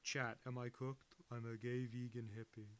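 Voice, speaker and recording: A man's voice: medium pitch, flat delivery, moderate pace, fairly bright tone, clean tone. A man chatting casually with viewers on a live stream as he inks a cartoon, rambling and self-deprecating. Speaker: cartoonist streaming his work. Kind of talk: casual live-stream chat while drawing.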